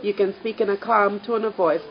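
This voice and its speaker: Woman class participant, mid-pitched, thoughtful, lo-fi sound. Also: fairly even intonation, a little fast.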